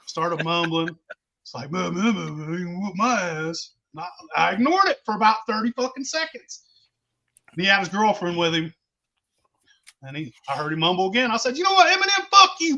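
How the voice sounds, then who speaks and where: A man's voice: sits high, pushed and bright. A man telling a rowdy, profane drinking story in casual chat. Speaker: show host telling a story.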